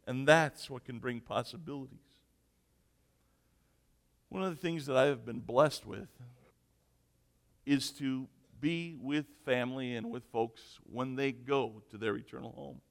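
A man preaching a sermon, slow and emphatic, moving between loud declarations and near-whispers. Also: medium pitch, vocal fry. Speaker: pastor. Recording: echoey hall.

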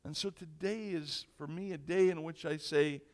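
A man preaching a sermon, slow and emphatic, moving between loud declarations and near-whispers. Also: on the high side. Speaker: pastor. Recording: echoey hall.

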